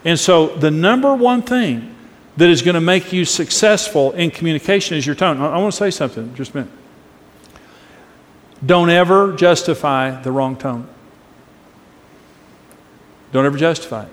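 A man's voice: on the high side, lively intonation, normal speed, long pauses. A middle-aged man preaching a sermon on marriage, earnest and emphatic, acting out different tones of voice as examples. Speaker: pastor teaching on marriage. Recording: long reverb of a large hall.

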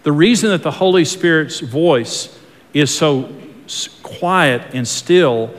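A man's voice: on the high side, animated, slow. A man pastor preaching a sermon in an earnest, folksy way, often repeating himself and restarting his words. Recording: long hall reverb.

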